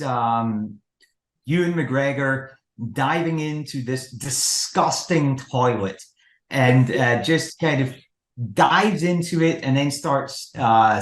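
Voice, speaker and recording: A man speaking as a guest in a casual interview, hesitant, with many ums and restarts. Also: mid-range voice. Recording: echoey room.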